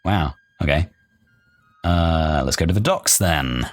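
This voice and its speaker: A low-pitched man hosts a gameplay video, reading the story text aloud between his own remarks. He breaks in with wry, joking asides, and soft game music plays faintly behind him. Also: expressive, takes it slowly. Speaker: let's play host.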